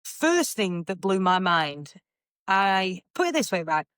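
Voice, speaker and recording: A woman's voice: medium pitch, sing-song, slow, fairly bright tone, smooth, no echo, clean studio sound. A young woman from Manchester with a Mancunian accent, hosting a podcast in a chatty, blunt way and swearing freely. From Manchester, England. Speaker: podcast host. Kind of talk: casual chat.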